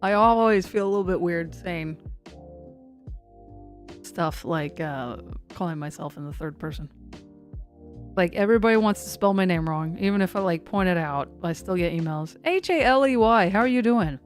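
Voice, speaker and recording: A woman's voice: lowish voice, moderate pace, long pauses, faint music behind. Chatty woman hosting a weather stream. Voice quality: chatty, rambling, self-deprecating. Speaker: livestream weather host. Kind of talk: casual livestream chat reading the chat. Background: faint looping song.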